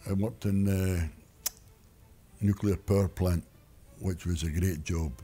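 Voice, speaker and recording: A man's voice: deep voice, steady tone, slow pace, dark tone, breathy edge, soft background music. An older retired man rambling through a personal story, wry and full of restarts. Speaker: interviewee.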